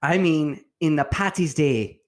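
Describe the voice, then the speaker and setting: A man's voice: on the high side, a little slow. A man co-hosting a comedy podcast, bantering in a playful, slangy way. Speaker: podcast co-host. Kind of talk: casual comedic chat.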